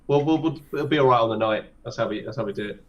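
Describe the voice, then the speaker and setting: A man's voice: medium pitch, fast. A man hosting a casual podcast chat, swearing freely as he wraps up the show. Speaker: podcast host. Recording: distant, dull mic sound.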